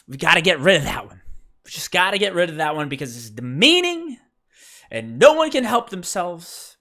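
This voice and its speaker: A man doing a stiff police officer with prim, formal manners. He speaks in a clipped, proper way with a bright, sharp edge. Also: sits high, pitched above the performer's own voice, full character voice. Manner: formal, prim, over-polite.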